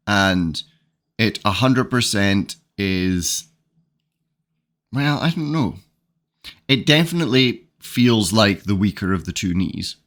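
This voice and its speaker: A man co-hosting a podcast, talking casually and thoughtfully with pauses. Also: fairly low pitch, creaky. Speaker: podcast co-host. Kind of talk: casual conversation.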